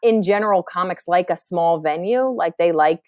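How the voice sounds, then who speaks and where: A woman's voice: lowish voice, normal speed, darkish tone, no room sound, clean studio sound. A woman comedian in her thirties from New Jersey, talking candidly in a podcast interview, often restarting her sentences. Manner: candid, reflective, with frequent fillers and restarts. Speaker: stand-up comedian, guest.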